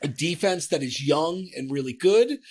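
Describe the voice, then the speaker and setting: A man co-hosting a casual sports talk show, animated and profane, often trailing off and restarting. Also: a little high, normal speed. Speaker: sports podcast co-host. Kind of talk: casual chat.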